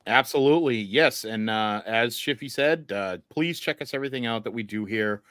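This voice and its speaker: A man's voice: mid-range voice, normal speed, fairly bright tone, no echo, studio quality. A man hosting a casual podcast, firing off quiz questions in a laid-back way. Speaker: podcast host.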